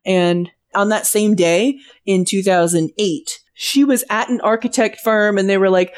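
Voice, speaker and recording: A woman's voice: mid-range voice, normal speed, few pauses. Chatty young woman, swears freely. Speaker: podcast co-host. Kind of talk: casual chat.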